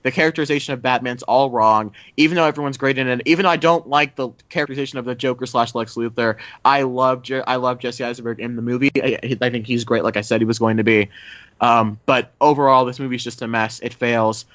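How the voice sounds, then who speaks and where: A man's voice: medium pitch, fairly even intonation, fast talker, fairly bright tone, dry recording, lo-fi sound. A man co-hosting a casual movie review podcast, rambling and hesitant with lots of fillers. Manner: rambling, hesitant with many fillers, laughs often. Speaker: podcast co-host.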